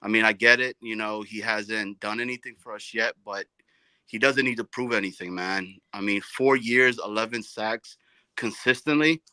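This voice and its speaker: A man's voice: on the low side, normal speed, bright, forceful tone, clean tone, no echo, low-quality recording. A man calling into a sports show, talking laid-back with street slang and stumbling over words. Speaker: caller. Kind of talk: casual call-in chat.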